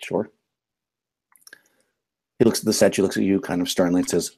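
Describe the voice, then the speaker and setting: Man, game master, low dark voice, husky, relaxed narration. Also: normal speed, long pauses.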